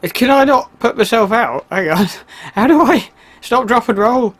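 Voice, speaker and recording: A man giving casual, chatty commentary while playing a video game, excitable and quick to laugh. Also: very high-pitched. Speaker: let's play gamer.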